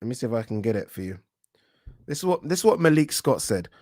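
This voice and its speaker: Frank, animated man chatting on a live stream. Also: medium pitch, quick pace, no echo, clean studio sound. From England. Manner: animated and frank, swears, reads viewer comments aloud. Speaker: boxing channel host. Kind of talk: casual live-stream chat reading comments.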